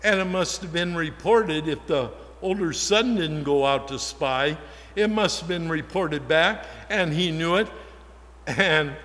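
A male pastor preaches a sermon conversationally in a church, often posing questions to the congregation. His voice is a little high with a fairly bright tone, and the recording carries a long church reverb.

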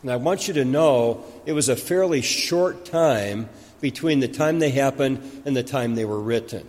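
A man's voice: mid-range voice, normal speed, darkish tone, in a large hall. A man preaching a teaching sermon, putting questions to the congregation and then answering them himself. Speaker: pastor.

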